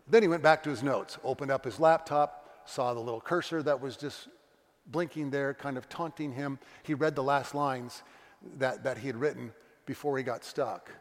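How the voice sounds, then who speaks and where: Man preaching in a reverberant church. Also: mid-range voice. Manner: earnest, confessional storytelling with acted quotes. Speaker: pastor. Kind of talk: sermon. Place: church sanctuary.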